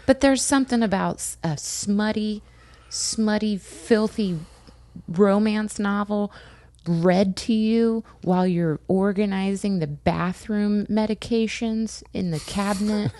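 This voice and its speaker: An American woman co-hosting a casual podcast chat, telling animated stories and acting out what people said. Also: medium pitch, slow, dry recording. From United States. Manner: animated storytelling, acting out quotes. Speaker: podcast co-host.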